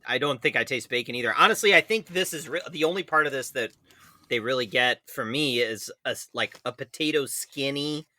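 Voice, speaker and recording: A man co-hosting a casual snack-tasting podcast, giving blunt, dry reviews and quick put-downs. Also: mid-range voice, sharp tone, no room sound. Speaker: podcast co-host, snack taster. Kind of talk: casual comedic chat.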